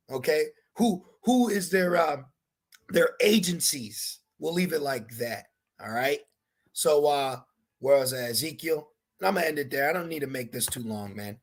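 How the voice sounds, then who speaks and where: Gravelly, husky man preaching casually. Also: on the high side, a bit bright. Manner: casual slangy preaching, repeats "man" and "all right". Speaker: street preacher. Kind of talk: informal sermon.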